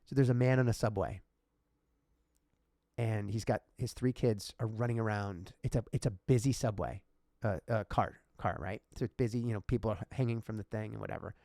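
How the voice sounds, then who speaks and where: A man's voice: fairly low pitch, fairly quick, vocal fry, dark tone, no room sound, clean studio sound. A man hosting a casual podcast, telling a personal story in a heartfelt, emotional way. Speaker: podcast host.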